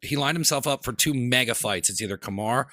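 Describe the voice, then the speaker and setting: A man producing a podcast, joining the casual chat with joking, animated stories. His voice is bright and forward. It is captured dry and close. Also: mid-range voice, a little fast, no echo.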